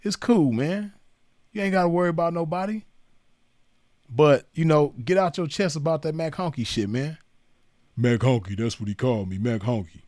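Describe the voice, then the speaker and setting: In a dry, clean studio recording, a commentator with a higher, expressive, slightly mellow voice talks at normal speed. His casual monologue to camera ridicules someone using easygoing, profane slang full of "man" and "you know what I mean."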